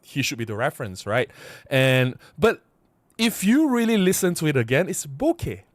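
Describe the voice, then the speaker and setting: Guy rambling at his camera, pitch jumping all over, dry close sound. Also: moderate pace, no room sound. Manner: rambling, repeats words, animated. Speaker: camera vlogger. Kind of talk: casual talk to camera.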